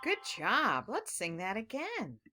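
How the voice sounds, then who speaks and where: A woman teacher leading a children's phonics lesson in a slow, encouraging, sing-song voice. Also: a little high, huge pitch swings, loud music behind the voice.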